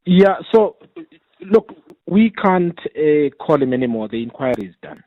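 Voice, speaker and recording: A man speaks in a measured, methodical way, often repeating a word as he lines up his next point. His voice is husky and comes through a tinny phone line. The sound is dry, with no room around it. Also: on the high side, sing-song, no room sound. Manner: measured, repeats words while building points. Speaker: parliamentary committee chair, guest. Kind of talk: radio interview over the phone.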